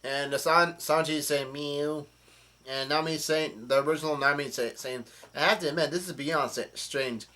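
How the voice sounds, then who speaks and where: Man, casual comic recap, halting read-aloud, crisp bright tone. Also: a little high, fairly even intonation. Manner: halting, reads quoted lines aloud plainly. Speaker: manga chapter reviewer.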